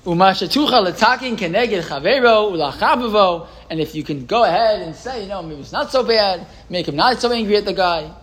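A man with a high, light voice teaches a Torah class to a live group. He keeps it conversational and asks the room questions. He also reads passages from old texts aloud and then translates them. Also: expressive, brisk, hardly any pauses, a bit bright, poor audio.

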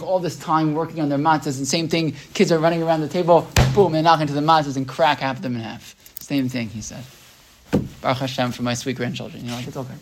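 A man's voice: a little high, a little hiss or hum. A man giving an informal religious class, telling stories in a rambling, conversational way.

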